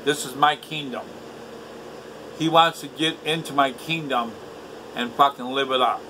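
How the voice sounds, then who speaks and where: A man's voice: mid-range voice, fairly even intonation, measured pace, pushed and bright, a little hiss or hum, poor audio. A man in later life ranting to camera at home, bitter and profane, repeating himself. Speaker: vlogger. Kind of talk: angry rant to camera. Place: indoors at home.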